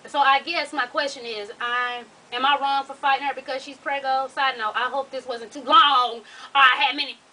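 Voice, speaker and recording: A woman reading a viewer's letter aloud and giving blunt, sassy advice, swearing freely and breaking into loud exclamations. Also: high voice, steady tone, moderate pace, far from the mic, rough recording. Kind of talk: casual advice vlog.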